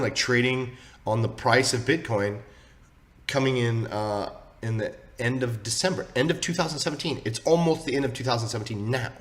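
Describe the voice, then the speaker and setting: Rambling excitable man vlogging. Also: mid-range voice. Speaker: crypto vlogger. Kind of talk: casual talk to camera.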